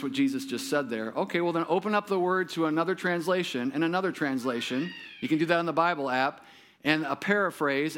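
A man's voice: on the high side, a bit bright. A man preaching a sermon as pastor, talking conversationally and asking the congregation many rhetorical questions.

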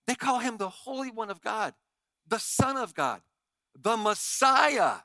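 Bright, high-voiced male pastor preaching. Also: a little slow, gravelly, no echo. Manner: animated, emphatic scripture reading. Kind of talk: sermon.

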